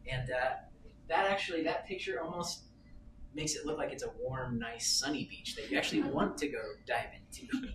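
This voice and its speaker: A man in his thirties giving a talk at a sales meeting, telling a travel story in an animated, self-amused way. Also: fairly high pitch, moderate pace. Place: meeting room. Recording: roomy, distant, noisy meeting room.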